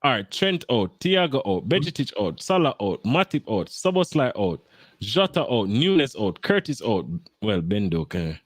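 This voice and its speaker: Man, lively pitch, dry close sound, heated football banter. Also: normal speed, dry recording. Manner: animated, swears, argumentative. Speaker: podcast co-host.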